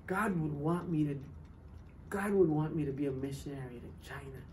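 A woman voicing an earnest, devout young male missionary who speaks quietly and with resolve. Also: low-pitched, normal speed, a little hiss or hum, voice pushed down, natural voice. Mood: resolved.

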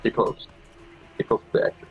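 A man giving excitable, swearing live commentary while playing a fighting game, reacting loudly to every move. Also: a little fast, narrow, tinny audio, faint music behind. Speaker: gamer.

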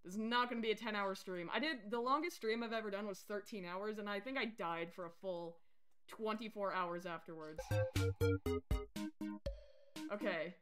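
A young woman streaming a game live, chatting casually with her viewers and getting excitable. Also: mid-range voice, normal speed, pauses often, clear, resonant tone. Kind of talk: casual live-stream chat while playing. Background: faint background music.

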